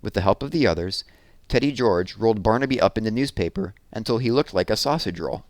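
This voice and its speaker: A man reading a children's picture book aloud in a gentle, unhurried storytelling manner. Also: fairly low pitch, animated, dry recording. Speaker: storybook reader.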